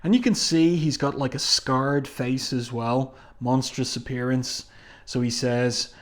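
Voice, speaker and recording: A man's voice: mid-range voice, fairly even intonation, unhurried. Chatty male comic book reviewer. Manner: chatty, with "um" fillers. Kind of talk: casual comic review with read-aloud passages.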